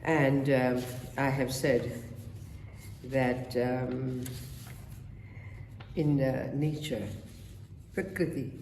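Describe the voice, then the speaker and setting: A man giving a webinar lecture on rhythm in music and dance, counting beats aloud and pausing often. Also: mid-range voice, steady tone, darkish tone. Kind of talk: slow spoken lecture. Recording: echoey room, faint background noise.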